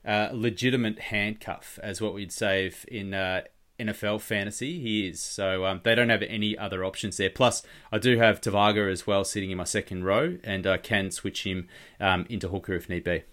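A man's voice: on the low side, steady tone, moderate pace, a bit bright. A man hosting a casual fantasy sports podcast, rambling and teasing his co-host. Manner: rambling, restarts, swears and teases.

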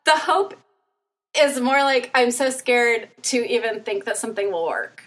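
A woman's voice: on the high side, measured pace, a bit bright. A woman in casual chat, wry and sarcastic, swearing freely.

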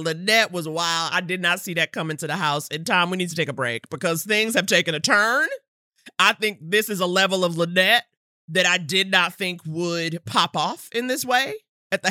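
Bright, animated woman podcast host. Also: lowish voice, brisk, no echo, clean studio sound. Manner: animated, laughing, acts out characters' lines. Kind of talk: casual chat recapping a film.

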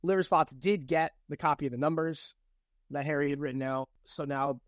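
A man co-hosting a podcast, casually recapping a novel's plot and reading quoted lines aloud with lively emphasis. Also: on the high side, a little fast, no room sound, studio quality. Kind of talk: casual book-recap chat.

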